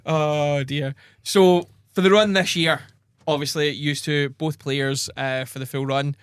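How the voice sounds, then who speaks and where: A man hosting a podcast, asking relaxed, rambling questions. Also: fairly high pitch, unhurried, clear, resonant tone, no room sound, clean studio sound. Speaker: podcast host. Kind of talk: casual podcast chat.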